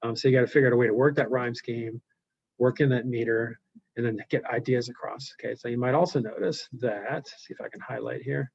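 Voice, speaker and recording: A man's voice: mid-range voice, steady tone, brisk, creaky, a little mellow, husky, dry recording. A male teacher giving a live online class lecture, explaining loosely with fillers and frequent check-ins. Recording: dull lo-fi sound.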